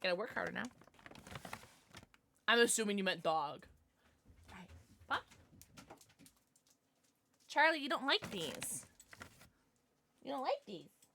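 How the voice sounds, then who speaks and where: A woman livestreamer chatting casually with her viewers, playful and jokey, thanking them warmly and cooing in baby talk to her dogs. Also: medium pitch, sing-song, slow, gravelly, pauses often, slight background noise. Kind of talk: casual chat with stream viewers.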